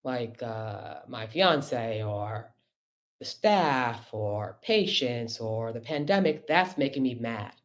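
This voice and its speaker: A middle-aged man speaks through a computer mic on a webinar, at a medium pitch. He talks in a loose, conversational way, pressing hard on key points and tossing in "right?" to check in with listeners. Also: animated, takes it slowly. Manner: conversational, emphatic, repeating rhetorical questions. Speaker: physician giving a webinar. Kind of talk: webinar talk.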